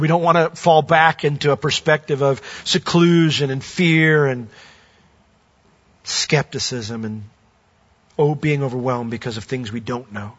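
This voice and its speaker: Earnest male pastor, husky voice. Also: fairly high pitch, muffled recording. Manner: earnest, rising emphasis then hushed prayer. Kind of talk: sermon with closing prayer.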